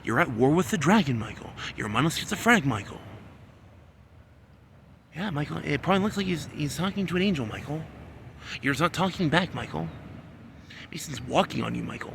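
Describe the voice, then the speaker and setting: Gravelly, bright-voiced man rambling solo. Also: lively intonation, a little fast, long pauses, a little hiss or hum. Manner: repetitive, talks about himself in the third person; swings between low muttering and loud insistent scolding. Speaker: vlogger.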